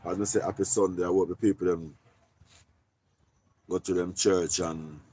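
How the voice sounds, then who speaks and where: A Jamaican man talking casually on a live stream, giving shout-outs in loose patois and repeating his catchphrases. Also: low voice, steady tone, normal speed, slight background noise.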